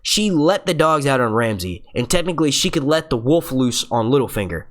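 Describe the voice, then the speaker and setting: A man's voice: medium pitch, big pitch swings. Hyped, profane young man streaming live. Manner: profane, hyped, urges viewers to like; halting, stutters and restarts. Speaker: livestream host. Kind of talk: casual live-stream chat.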